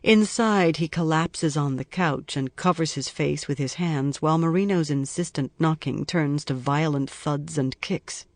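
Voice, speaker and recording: A man reading a crime novel aloud in even, measured scripted narration. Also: fairly high pitch, no echo. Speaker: audiobook narrator.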